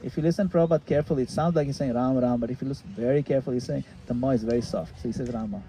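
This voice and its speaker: A man leading a retreat session, explaining a practice in a relaxed, casual way and sometimes laughing at his own jokes. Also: medium pitch, racing, rough recording. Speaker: retreat leader answering questions. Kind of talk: casual teaching in a group session. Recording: faint background noise.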